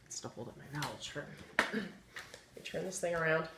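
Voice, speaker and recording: A woman teaching a phonics lesson to young children, patient and encouraging, sounding out letters slowly. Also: low-pitched. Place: classroom with chalkboard. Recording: echoey room, faint ambient noise.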